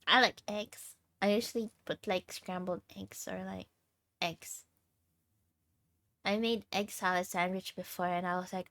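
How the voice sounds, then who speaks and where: A woman's voice: mid-range voice, steady tone, measured pace, pauses often, fairly bright tone, no echo. A tired young woman livestreamer chatting casually with her viewers and laughing often. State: tired, sleep deprived.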